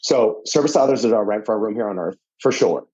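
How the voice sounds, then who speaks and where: A man from Pittsburgh, a boxing coach and podcast guest, chatting in an animated, joking way with quick tangents and restarts. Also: on the low side, husky, lo-fi sound. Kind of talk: casual chat.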